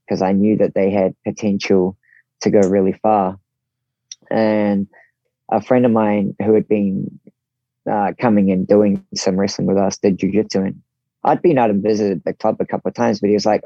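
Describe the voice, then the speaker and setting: A man in his forties with a New Zealand accent, a podcast guest telling his story in an easygoing, relaxed way and acting out what others said. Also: lowish voice, moderate pace, no echo. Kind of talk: casual storytelling interview. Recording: dull, slightly lo-fi dry sound.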